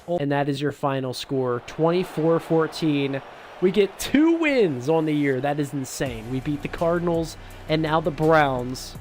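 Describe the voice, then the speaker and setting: A young man giving casual, excitable commentary over a football video game, swinging between hype and grumbling. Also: fairly high pitch, unhurried, faint music behind. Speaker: gaming YouTuber. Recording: noisy background.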